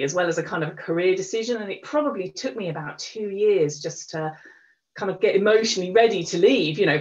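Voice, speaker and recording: A middle-aged woman speaking as an interview guest, telling her story frankly with plenty of fillers and restarts. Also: deep voice. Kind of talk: candid conversational storytelling. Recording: dull lo-fi recording.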